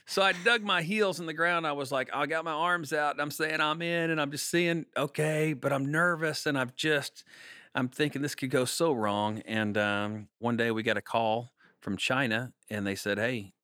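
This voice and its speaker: Lively joking male storyteller. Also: a little high, normal speed, clear, resonant tone, no room sound, studio quality. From Kansas, United States. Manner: animated, jokey storyteller. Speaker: singer-songwriter guest. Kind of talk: casual storytelling interview.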